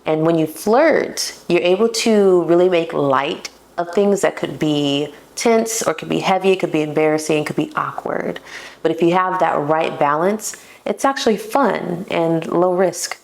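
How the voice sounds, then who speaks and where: Low, gravelly-voiced woman podcast host. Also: a little slow. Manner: playful and self-mocking, laughs at herself. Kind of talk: casual solo podcast talk.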